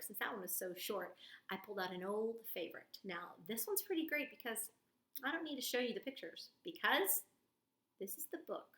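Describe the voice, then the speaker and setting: Playful high-voiced woman reading aloud. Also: sharp tone, echoey room. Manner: playful, silly, exaggerated reading voice. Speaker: storybook reader for children. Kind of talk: reading a picture book aloud to kids.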